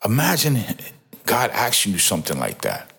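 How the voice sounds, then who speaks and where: A man's voice: on the low side, huge pitch swings, normal speed, creaky, a bit bright, husky. A man giving an informal, emphatic Bible commentary, often repeating himself and exclaiming in awe. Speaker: Bible teacher.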